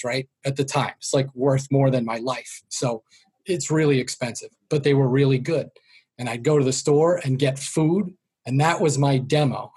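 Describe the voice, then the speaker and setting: Appearing as a guest in a storytelling interview, this Boston-area sales trainer is middle-aged, with a husky, slightly rough voice and a somewhat mellow manner. His humor is self-deprecating, and he speaks lower when imitating his parents.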